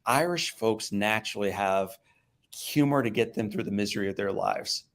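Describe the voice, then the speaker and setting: A man from the American Midwest, a guest speaker, telling a personal story in an animated way that swings between loud outbursts and hushed tones. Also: on the low side, normal speed, gravelly.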